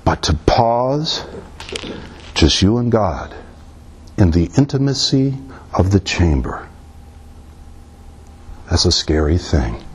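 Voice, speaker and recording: A man preaching a sermon, animated and emotional, acting out the quotes he reads. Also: sits low, takes it slowly, pauses often, husky.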